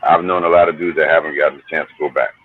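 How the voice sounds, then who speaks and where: A man's voice: extremely low pitch, level tone, very fast, phone-quality sound, slight background noise. A middle-aged man from New Jersey, a hip hop artist telling stories in a laid-back, slangy, profane way. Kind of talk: casual storytelling interview.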